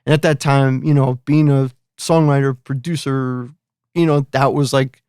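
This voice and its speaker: A man's voice: mid-range voice, steady tone, normal speed, a little mellow, smooth, no room sound, studio quality. A middle-aged man, a guest musician, casually telling a story, rambling with lots of fillers and restarts.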